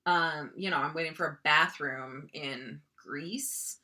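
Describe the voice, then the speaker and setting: A woman's voice: deep voice, slow pace, bright, forceful tone. A young woman from North Dakota, teaching writing in a casual lecture, full of ums and likes. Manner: chatty, frequent ums and likes, mock voices for examples.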